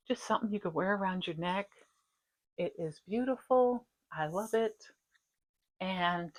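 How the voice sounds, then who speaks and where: Hosting a stitching vlog, a middle-aged woman chats casually and rambles from one topic to the next, warm-hearted and talkative. Her medium-pitched voice is animated and moves at a measured pace.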